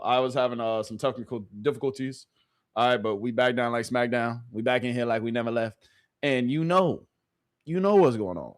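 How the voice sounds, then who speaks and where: A man's voice: mid-range voice, no room sound, studio quality. Emphatic man ranting on a livestream. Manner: emphatic, repeats his points. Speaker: sports streamer. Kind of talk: casual livestream sports reaction.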